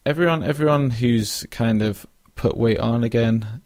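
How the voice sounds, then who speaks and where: A man's voice: mid-range voice, normal speed, darkish tone, no echo, clean studio sound. A young man hosting a casual solo podcast, rambling with lots of fillers and restarts and yawning now and then. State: yawning, drowsy. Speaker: podcast host.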